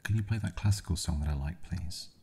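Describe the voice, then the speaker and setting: Whispered role-play: man playing a remorseful young woman, pleading, deep and breathy. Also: fast talker, darkish tone. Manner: pleading, sorrowful.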